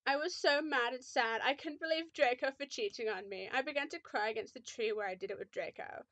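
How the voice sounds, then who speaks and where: A woman's voice: fairly high pitch, brisk, a bit bright, dry recording. A young woman reading a fan fiction aloud with mock drama, often breaking off to make sarcastic remarks.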